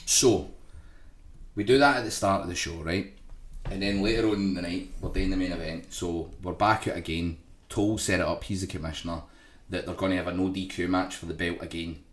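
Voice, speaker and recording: A man's voice: deep voice, steady tone, fairly quick, echoey room. A Scottish man on a podcast, telling a rowdy story in casual chat, swearing, laughing as he goes and ending his lines with "right?". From Scotland.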